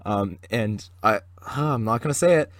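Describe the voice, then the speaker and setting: A man's voice: fairly low pitch, normal speed, dry recording. A teenage boy from Canada, co-hosting a podcast and telling a rambling story full of fillers and restarts. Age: teens. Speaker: podcast co-host. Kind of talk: casual chat.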